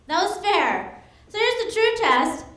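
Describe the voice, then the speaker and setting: High-pitched comedian lady, bouncy and jokey, laughing at her own bits, echoey club. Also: very animated, measured pace, fairly bright tone. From United States. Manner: bubbly, laughs at her own jokes, acts out voices. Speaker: stand-up comedian. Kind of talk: stand-up comedy set.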